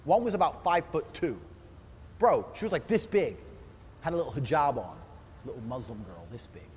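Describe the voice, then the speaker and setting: A man's voice: medium pitch, big pitch swings, normal speed, a little mellow, in a large hall, slight background noise. A man telling an indignant, swear-filled story and acting out what the other people said. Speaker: storyteller in a played clip. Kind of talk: profane animated anecdote.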